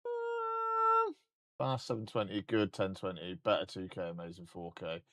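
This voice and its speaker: A man chatting casually on a live stream while coding, joking, swearing and dictating instructions slowly. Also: deep voice, no echo, studio quality.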